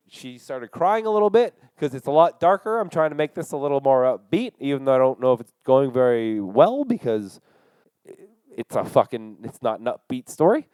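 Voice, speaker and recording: A man's voice: mid-range voice, darkish tone, clean tone, dry recording, low-quality recording. A young man hosting his own show, telling a rambling, profane travel story in a casual monologue. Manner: rambling and profane, many fillers. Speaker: podcast host.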